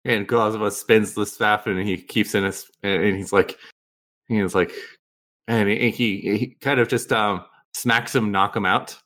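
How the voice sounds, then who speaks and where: A man playing a tabletop role-playing game, excitedly narrating his character's actions in halting bursts. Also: lowish voice. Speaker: player.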